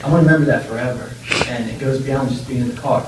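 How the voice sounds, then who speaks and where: A man's voice: medium pitch, quick pace. A young man giving an informal memorial speech, telling fond, rambling stories with many fillers and laughs. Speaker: eulogy speaker. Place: memorial gathering room. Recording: echoey room, voice far from mic, faint noise.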